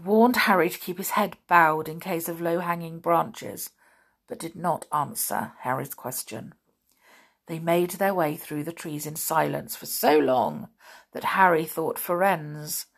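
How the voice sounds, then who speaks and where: A woman narrating a children's fantasy novel in a dramatic, deliberate way. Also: on the low side, breathy edge. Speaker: audiobook reader. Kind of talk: storybook narration.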